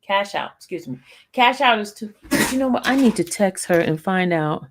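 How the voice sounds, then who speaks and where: A woman's voice: mid-range voice, lively intonation, normal speed. A woman hosting a casual livestream, playfully scolding and teasing her chat in a way of speaking. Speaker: livestream host.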